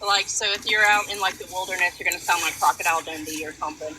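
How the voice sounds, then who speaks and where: A woman's voice: lowish voice, fairly even intonation, fast, pushed and bright, slight background noise, poor audio. A woman in casual chat, hesitant and thinking aloud as she talks.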